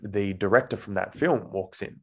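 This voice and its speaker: A man in his twenties with an Australian accent and a low, gravelly voice. He tells his story in an easygoing way, with lots of fillers. He acts out the voices of the people he quotes. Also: moderate pace, a little mellow. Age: 20s. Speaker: guest, actor. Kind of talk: casual storytelling interview.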